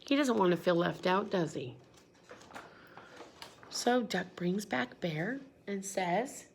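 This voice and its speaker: A woman's voice: mid-range voice, slow, creaky, long pauses, slightly rough. A woman teacher reading a picture book aloud to young children, asking them questions as she goes. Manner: animated, questioning, kid-directed. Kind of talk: read-aloud storytime lesson.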